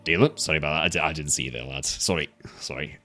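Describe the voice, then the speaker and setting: A man's voice: rumbling low, fast talker, sharp tone, soft background music. A man voicing a jovial, apologetic figure who fumbles through friendly apologies.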